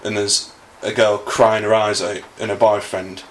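A man's voice: fairly low pitch, level tone, a little slow, a little hiss or hum. A man telling a story in a dry, wry way. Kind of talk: casual storytelling.

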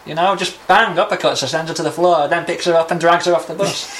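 A man's voice: fairly high pitch, fairly even intonation, quick pace, a bit bright, slight background noise. A man with a rambling, mock-indignant manner, bantering with friends on a podcast. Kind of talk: casual banter.

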